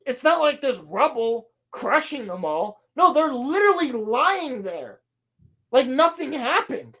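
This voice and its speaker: A woman's voice: high voice, very animated, a little slow, a bit bright, slightly rough. A woman recapping a show in a casual, sarcastic rant, swearing often and acting out scenes. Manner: sarcastic, swears a lot, acts out scenes in voices. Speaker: podcast co-host.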